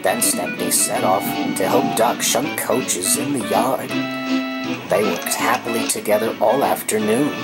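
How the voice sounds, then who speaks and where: Deep-voiced woman, storybook narrator, loud music under her. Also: unhurried, low-quality recording. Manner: steady storytelling. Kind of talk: storybook narration in a fan redub.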